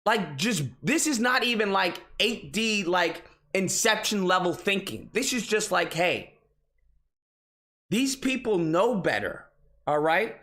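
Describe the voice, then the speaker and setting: A man's voice: high-pitched, very animated, slow pace, bright, forceful tone. A young man hosting an online commentary show, ranting in a casual, exasperated and profane way. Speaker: political commentary host.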